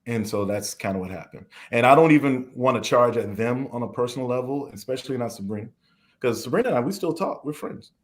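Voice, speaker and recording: A man's voice: medium pitch, lively intonation, fast. Long-winded frustrated Southern man. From American South. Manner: frustrated, long-winded, acts out quoted questions. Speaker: interview guest. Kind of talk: podcast interview.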